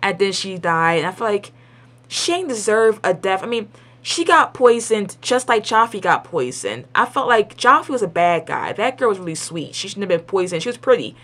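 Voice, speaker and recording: A woman's voice: mid-range voice, expressive, moderate pace, a bit bright. A young adult woman gives a casual spoken episode review at home. She rambles and is blunt and opinionated, with lots of "like" and restarts. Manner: chatty and rambling, full of "like" and restarts; blunt and opinionated, with colloquial grammar.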